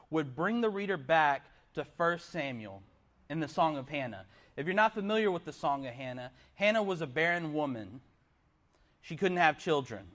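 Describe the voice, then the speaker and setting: A young man delivers an earnest sermon, often putting questions to the congregation. His voice sits a little high and sounds a bit bright.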